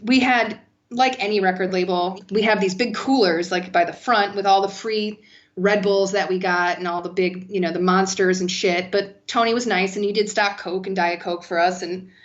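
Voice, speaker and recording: Woman guest, mid pitch, chatty storyteller with a lot of swearing, slightly muffled sound. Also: normal speed. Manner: animated, profane, lots of "like". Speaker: podcast guest. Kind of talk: casual storytelling.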